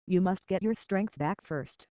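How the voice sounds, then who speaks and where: A reader voicing a gentle, kindly female nurse who speaks softly and coaxingly, on a dull, dry lo-fi recording. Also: mid-range voice, unhurried, no echo, lightly acted. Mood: soothing. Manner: soft, coaxing.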